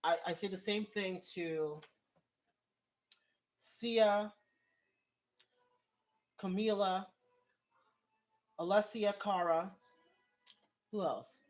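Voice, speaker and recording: He has a high voice with fairly even intonation, drawing out his words and leaving long pauses. Vlogging casually, he reads viewer comments and rambles in exasperation, laughing often, his voice rising as he gets worked up.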